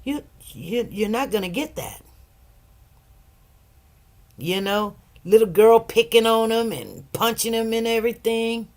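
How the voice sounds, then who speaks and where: A woman's voice: a little high, animated, measured pace, long pauses, darkish tone. A woman hosting a livestream, talking casually and emotionally to her viewers in a rambling, conversational way. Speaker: livestream host.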